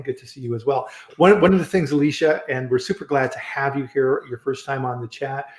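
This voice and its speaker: A man's voice: mid-range voice, darkish tone. Chatty male live-stream host, echoey room. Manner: chatty, rambling, frequent restarts and fillers. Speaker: host of a live online food safety chat. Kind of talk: casual live-stream chat. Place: home in Colorado. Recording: roomy echo.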